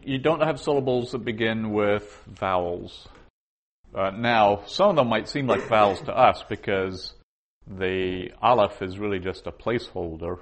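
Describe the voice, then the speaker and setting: A man with a very deep voice teaches a grammar lesson at an unhurried pace. He explains patiently and methodically, stopping to restart his sentences as he works through each point. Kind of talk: biblical Hebrew lesson.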